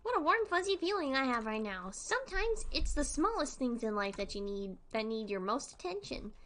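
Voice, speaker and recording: A woman voicing a friendly, gentle cat character from a video game, reading its lines aloud in a sweet, lilting voice. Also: high voice, very animated, normal speed, slight background noise, voice pushed up. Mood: warm.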